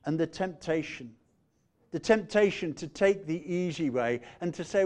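A man preaching a sermon, measured, letting phrase endings fall quiet and growing animated when he retells a story. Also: a little high. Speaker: pastor.

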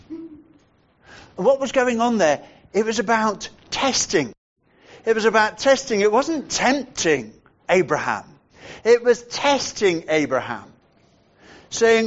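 A man preaching a sermon in a measured way, dropping to a hushed voice to stress points. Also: high-pitched, very animated, lo-fi sound.

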